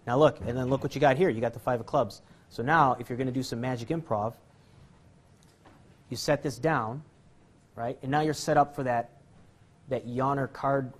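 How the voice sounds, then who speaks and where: A man's voice: mid-range voice, moderate pace, pauses often. Jokey rambling magic teacher, a man. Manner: rambling, jokey, self-deprecating, chuckles often. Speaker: magic instructor. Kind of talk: casual card-trick tutorial.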